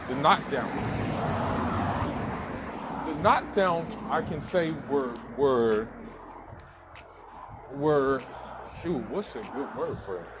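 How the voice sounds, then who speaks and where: Man, casual sports commentary, slangy and emphatic, loud traffic behind him. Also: medium pitch, expressive, extremely slow, pauses often. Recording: loud background noise.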